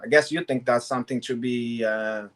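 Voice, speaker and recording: A man with a Brazilian Portuguese accent co-hosts a casual show, tossing out goofy jokes and sudden loud impressions. His voice is bright and forceful, sitting at an ordinary pitch for a man. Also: fairly even intonation, moderate pace. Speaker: co-host. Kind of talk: joking banter.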